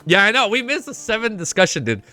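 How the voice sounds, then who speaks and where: A young man streaming a casual reaction, excitable and swearing often, laughing between remarks. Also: high voice, fast. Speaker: streamer reacting to a web novel. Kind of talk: casual live reaction chat.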